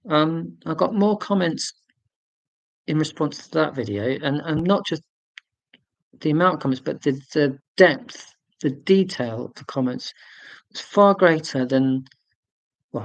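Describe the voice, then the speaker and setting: A man's voice: fairly high pitch, expressive, measured pace, creaky, no echo, rough recording. A man in his forties hosting a casual live stream. He rambles chattily, answering viewer comments with fillers and self-corrections. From United Kingdom.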